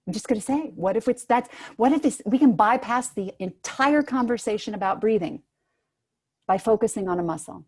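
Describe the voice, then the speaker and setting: A woman voice teacher giving brisk, encouraging instructions to singers in an online workshop, heard over a video call microphone. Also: on the high side, animated, a little mellow, husky. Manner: brisk, encouraging coaching with spoken demonstrations.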